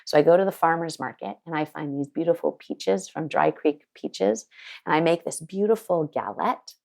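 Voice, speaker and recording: A woman winemaker telling an animated story in an interview, acting out the people she quotes. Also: low-pitched, normal speed, vocal fry. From United States. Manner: lively, quotes people in put-on voices. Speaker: winemaker guest. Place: her home in Sonoma County.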